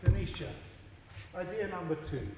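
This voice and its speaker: A man's voice: high-pitched, moderate pace, heavy background noise. A man leading an audience through a forum theatre game in a large hall, playful and encouraging as he explains the rules. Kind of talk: guiding a live audience.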